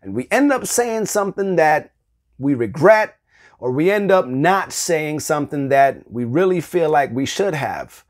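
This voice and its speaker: A man giving a conversational devotional Bible teaching, animated and acting out everyday dialogue. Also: on the high side, unhurried. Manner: animated, acts out everyday dialogue with light laughter.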